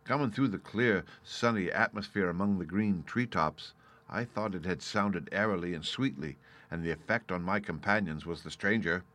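A man reading a story aloud in steady, measured scripted narration. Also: low-pitched. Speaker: audiobook narrator.

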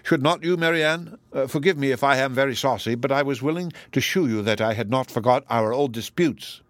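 A quiet young gentleman with a dry, teasing wit, read by a man. The voice stays in a middle register, close and dry. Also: mid-range voice, brisk, no room sound, voice pushed up, natural voice. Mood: wry. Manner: wry, gently mocking. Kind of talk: audiobook character reading.

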